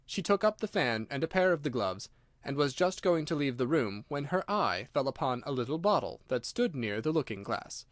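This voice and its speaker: Moving at a moderate pace, a man with a mid-range voice gives expressive, storytelling narration of a scripted audiobook. It has studio quality and no echo.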